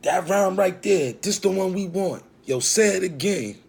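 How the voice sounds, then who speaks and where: A man voicing pushy male studio producers who loudly demand more from a rapper. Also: high voice, moderate pace, gravelly, breathy edge, pitched above the performer's own voice, heavily acted. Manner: loud, demanding.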